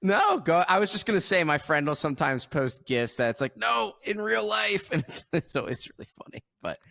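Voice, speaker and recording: A bright, lively male podcast host, fairly high-voiced, in loose casual chat. His pitch swings widely as he talks and he breaks into laughter often. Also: a little fast.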